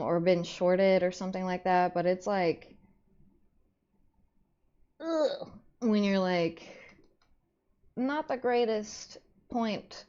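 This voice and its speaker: A young woman streaming live and chatting casually with her viewers. She rambles through her stories in a middle-pitched voice full of "like" fillers. The audio sounds slightly dull and lo-fi. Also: a little mellow, clear, resonant tone. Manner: bursts into high squeaky greetings to chat.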